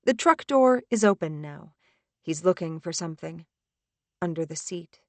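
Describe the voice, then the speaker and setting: A woman narrating a suspenseful first-person audiobook in a tense, measured reading. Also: fairly low pitch, animated, no room sound.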